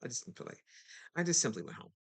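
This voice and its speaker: A host giving a casual motivational talk, chatty and direct with listeners, and animated when acting out other people. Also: fast talker.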